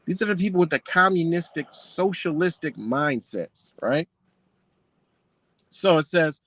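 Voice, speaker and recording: Man, profane mocking rant, rhetorical questions, slightly high pitch, dry close sound. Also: expressive, a little slow, a bit bright, dry recording. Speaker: commentator reacting to a book. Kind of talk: profane ranting commentary.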